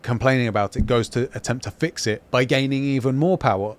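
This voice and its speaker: Excitable man reviewing a fantasy show. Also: medium pitch, brisk. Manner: animated, acts out quoted lines, frequent restarts. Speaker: podcast co-host. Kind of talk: casual review chat.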